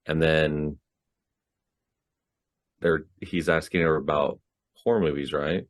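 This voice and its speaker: Deep-voiced man in casual movie chat. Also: a little slow, long pauses, no room sound, studio quality. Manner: animated, acts out quoted lines. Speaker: podcast co-host.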